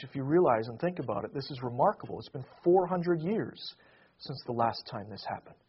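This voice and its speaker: A male pastor preaching a sermon to his congregation. He swells to emphatic peaks and then drops to a hush. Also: a little high, breathy edge, lo-fi sound.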